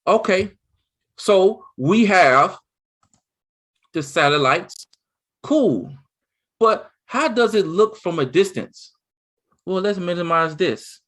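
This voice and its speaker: Talkative man co-host, pitched a bit high, rambling and excitable, lots of false starts. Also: takes it slowly, long pauses. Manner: excited, rambling, with lots of restarts and "you see what I'm saying". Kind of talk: casual chat.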